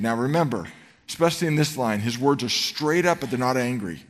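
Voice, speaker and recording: Guy pastor giving a sermon, chatty and earnest, mid-pitch voice, big church hall echo. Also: lively intonation, a little fast, a little hiss or hum. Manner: conversational, earnest, shifts into quoted voices. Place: church sanctuary.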